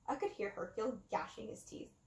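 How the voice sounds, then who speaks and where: Woman reading a kids book out loud, lively up and down voice, echoey room. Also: mid-range voice, fairly quick. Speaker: reader. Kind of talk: reading a children's book aloud. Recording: roomy echo.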